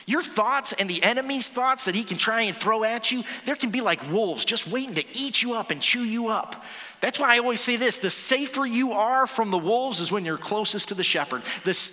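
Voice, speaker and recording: High, sharp-toned preacher man in echoing hall. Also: animated, fairly quick. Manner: conversational, repeats and restarts words, asks the audience questions. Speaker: pastor. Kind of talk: sermon. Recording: long hall reverb.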